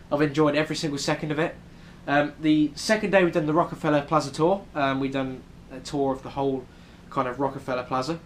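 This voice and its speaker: A man's voice: mid-range voice, slight background noise. Chatty young British man vlogging. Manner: chatty, many ums, rambling. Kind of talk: casual travel vlog. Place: hotel room in New York City.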